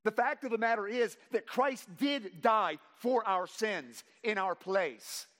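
A man preaching a sermon to his congregation, reading scripture slowly with emphasis and praying in a softer voice. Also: sits high. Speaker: pastor. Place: church sanctuary. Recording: long reverb of a large hall.

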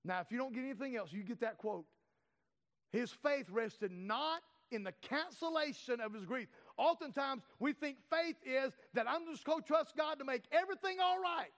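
A man's voice: extremely high pitch, moderate pace, fairly bright tone. A man preaching a sermon, stressing and drawing out key words for emphasis. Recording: long reverb of a large hall.

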